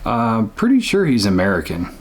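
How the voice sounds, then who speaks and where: Low-voiced dude on a podcast, blunt and swears a lot. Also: male voice, wildly swooping pitch, normal speed, slightly rough. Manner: blunt, profane, mocking. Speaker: podcast host. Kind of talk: casual podcast chat.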